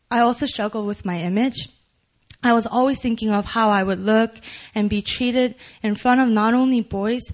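A young woman giving an earnest personal testimony at a church service, with small nervous laughs between lines. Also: medium pitch. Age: young adult.

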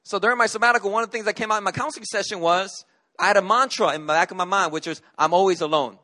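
A man's voice: high-pitched, fairly even intonation, racing, pushed and bright. A middle-aged man from Korea, a pastor preaching a sermon, telling a personal story in an earnest way with frequent restarts.

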